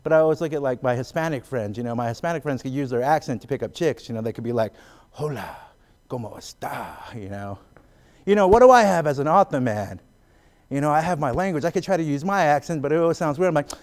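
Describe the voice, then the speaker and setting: A man's voice: on the high side, very fast, a little mellow. Chatty male stand-up comedian. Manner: chatty, many fillers, laughs between jokes. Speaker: comedian, guest. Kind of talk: stand-up comedy, then interview.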